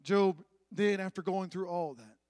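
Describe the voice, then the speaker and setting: A man preaching a sermon, dramatic, swinging from loud passages to hushed ones. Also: sits high, steady tone, measured pace, no echo.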